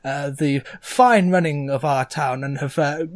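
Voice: mid-range voice, a little slow, no room sound, clean studio sound, close to an everyday voice. A game master voicing a smug, blustering town politician in a tabletop game.

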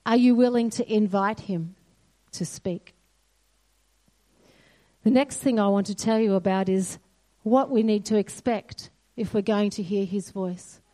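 A woman's voice: mid-range voice, measured pace, pauses often. A woman giving a sermon in a church hall, earnest and storytelling. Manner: earnest, storytelling, quotes God softly. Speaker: church speaker.

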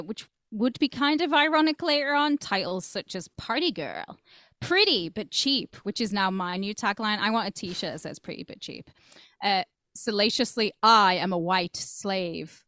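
A woman's voice: medium pitch, pushed and bright, no room sound, clean studio sound. A woman co-hosting a podcast, chatting casually and telling a true-crime story with jokes and quotes read aloud. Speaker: podcast co-host.

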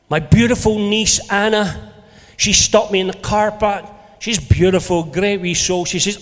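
An older Scottish man preaching a sermon as a pastor, lively and playful in his storytelling. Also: high-pitched, a little fast. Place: church hall. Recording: long hall reverb.

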